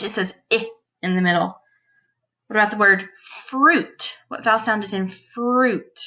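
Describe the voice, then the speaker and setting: A woman teacher leading a phonics lesson for young children, sounding out each phoneme slowly, clearly and deliberately. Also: mid-range voice, pushed and bright, highs cut off.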